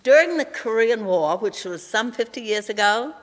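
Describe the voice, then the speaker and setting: A woman in her nineties, speaking earnestly and emphatically in an interview, slowly repeating key figures. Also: a little high, animated, in a large hall. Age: 90s. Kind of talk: conversational interview.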